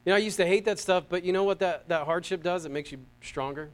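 High-voiced, fervent American preacher man. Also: fast talker. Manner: fervent, rising to loud emphatic peaks and dropping to soft asides; repeats words and phrases. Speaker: pastor. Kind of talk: sermon.

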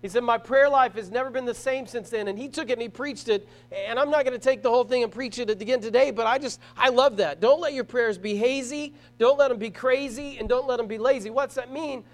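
A pastor preaches to his congregation in a church. His voice sits very high for a man. He talks earnestly, stressing points and circling back over his phrases. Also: fairly quick, hardly any pauses. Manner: earnest preaching with rising emphasis and repeated phrases. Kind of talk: sermon.

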